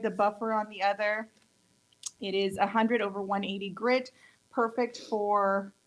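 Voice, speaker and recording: A woman's voice: medium pitch, low-quality recording. A woman with a Mexican accent, whose first language is Spanish, chatting and joking while she demonstrates nail tools live. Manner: chatty, joking, playful asides. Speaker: nail tech demonstrating products. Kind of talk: casual live product demo.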